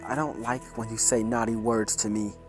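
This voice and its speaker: A man's voice: on the low side, flat delivery, moderate pace, over music, lightly acted. A man doing a sing-song sadistic woman. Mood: coy.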